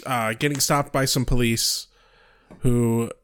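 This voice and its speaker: Male podcast co-host, mid-pitched voice, dry plot-summary delivery. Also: fairly even intonation, slow pace, a bit bright, clean tone. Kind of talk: casual chat recapping a TV episode.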